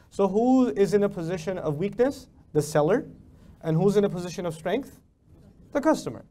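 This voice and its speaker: Animated high-voiced male lecturer. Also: moderate pace. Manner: animated, rhetorical questions, acts out mock dialogues. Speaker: lecturer on the Quran. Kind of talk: Islamic lecture.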